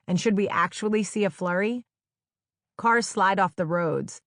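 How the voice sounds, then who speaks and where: A woman's voice: medium pitch, measured pace, a bit bright, no echo. A woman from New Jersey narrating her own memoir audiobook in a wry, conversational storytelling manner with playful quoted dialogue, recorded on a close studio microphone. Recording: dry, close studio sound.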